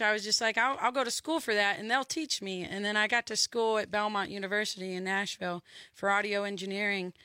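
A woman's voice: medium pitch, clear, resonant tone, dry recording, studio quality. A young woman from Georgia with a Southern accent, chatting as a musician guest in an interview and telling stories with frequent laughs. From Georgia, USA. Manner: chatty, laughs often, animated storytelling. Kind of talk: interview chat.

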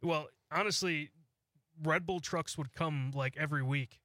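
Teasing radio co-host, bright voice. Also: male voice, a little high, unhurried, no echo, clean studio sound. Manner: teasing, laughs often. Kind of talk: casual studio banter. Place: radio studio.

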